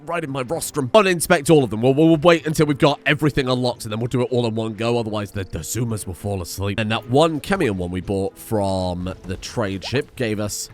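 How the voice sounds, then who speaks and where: A young man giving excitable, chatty let's play commentary and swearing freely. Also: mid-range voice, fairly quick, few pauses, soft background music. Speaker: gaming streamer.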